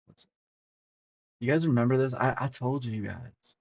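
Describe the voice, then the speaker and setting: A man hosting a crypto livestream, talking casually and excitably over charts and swearing freely to his chat. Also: medium pitch, unhurried, gravelly, pauses often, a little hiss or hum. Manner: profane, excitable, talks to chat. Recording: dull lo-fi stream audio.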